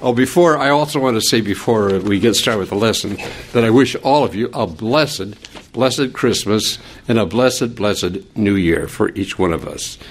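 An older American man teaching a Bible lesson in an animated, digressive way, chuckling now and then. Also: on the low side, normal speed, slight background noise.

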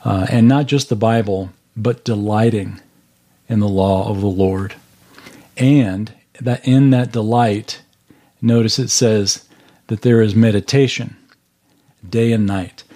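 A man's voice: on the low side, steady tone, slow, dark tone. A man leading a Bible study class over a video call, explaining scripture verse by verse in an earnest way.

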